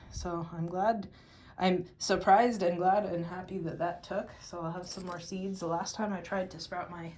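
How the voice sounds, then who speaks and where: A tired woman talking casually about her houseplants, soft and meandering with many fillers. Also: lowish voice, slight background noise, rough recording. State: tired, out of breath. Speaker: vlogger. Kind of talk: casual plant-care vlog. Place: home among houseplants, indoors.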